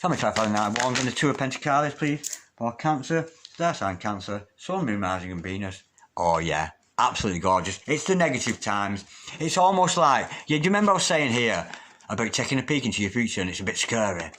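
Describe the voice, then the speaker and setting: Expressive male tarot reader, chatty and emphatic. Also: mid-range voice, brisk, a little hiss or hum. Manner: swings between loud exclaiming and hushed near-whispers; chatty, encouraging, repeats pet phrases. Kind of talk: solo tarot reading to viewers.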